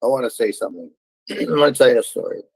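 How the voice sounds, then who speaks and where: A middle-aged male talk show host telling a personal story with stammers and sudden shouted emphasis. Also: medium pitch, lively intonation, quick pace, slightly rough, no room sound, low-quality recording.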